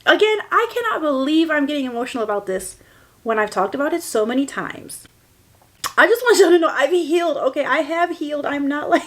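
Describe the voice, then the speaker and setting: A woman's voice: high voice, expressive, a little fast. A woman in her forties hosting a personal podcast, telling her own story in a candid, emotional way. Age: 40s. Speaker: podcast host.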